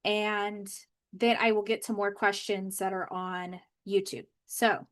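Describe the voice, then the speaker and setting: A woman's voice: medium pitch, level tone, slow. A woman coach chatting casually on a live stream from her home office, bubbly and loose, with lots of "like" fillers. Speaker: manifestation coach.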